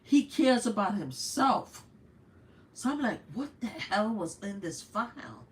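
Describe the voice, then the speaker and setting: An older woman with a New York accent, hosting a live stream and giving blunt, animated political commentary full of rhetorical questions. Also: medium pitch, a little slow. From United States.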